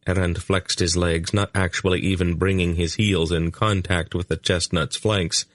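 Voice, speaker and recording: A male audiobook narrator reading a story in an even, measured way. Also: low-pitched, no room sound, clean studio sound. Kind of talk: scripted narration.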